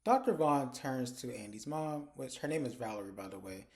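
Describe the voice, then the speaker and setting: Male episode reviewer, chatty casual recap, medium pitch. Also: expressive, moderate pace, a little mellow. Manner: chatty, conversational.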